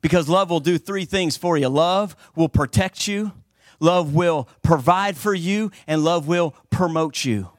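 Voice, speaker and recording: A man preaching a sermon with fervent emphasis, swinging between loud declarations and hushed passages. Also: on the high side, measured pace, dry recording, clean studio sound.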